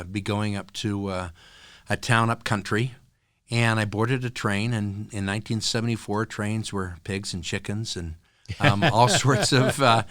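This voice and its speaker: An older man, a podcast guest, telling a story in an earnest, reflective way and pausing often with fillers. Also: fairly low pitch, a bit bright, smooth, no echo, studio quality. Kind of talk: storytelling interview.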